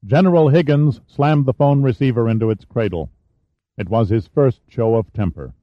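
A man narrating an audiobook in a steady, even storytelling manner, on a dull recording. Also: medium pitch, normal speed, no room sound. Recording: dull, muffled dry recording.

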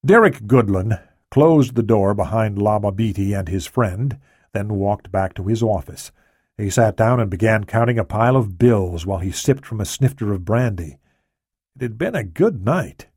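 A man narrating a thriller audiobook in a steady, matter-of-fact way. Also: on the low side, normal speed, husky, no room sound, clean studio sound.

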